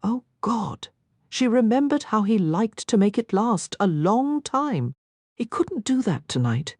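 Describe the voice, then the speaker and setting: A woman narrating a romance audiobook in an intimate, expressive reading. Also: a little high, measured pace, no room sound. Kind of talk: scripted narration.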